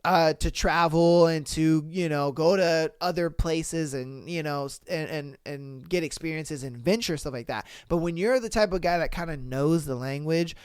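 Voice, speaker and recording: A man hosting a podcast, reading listener posts and reacting in a slangy, profane, animated way. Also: a little high, normal speed, few pauses, smooth, dry recording, studio quality. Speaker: podcast host.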